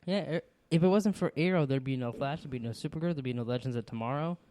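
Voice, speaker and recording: A man's voice: medium pitch, fast, darkish tone, dry recording. A young man co-hosting a podcast, joking playfully in casual banter with his father. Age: young adult. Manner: playful, joking, sing-song. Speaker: podcast co-host.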